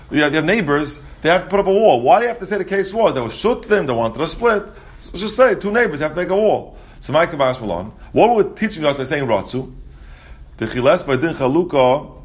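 Man teaching Talmud in a sing-song. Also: mid-range voice. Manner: sing-song explanatory, rhetorical questions, frequent restarts. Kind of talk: Talmud study lesson.

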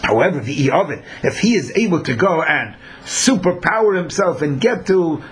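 An animated male Talmud teacher lectures with a pitch that jumps around widely. His voice sits a little high, with a faint hum of noise behind it. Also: normal speed. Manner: animated, acts out the people in his examples.

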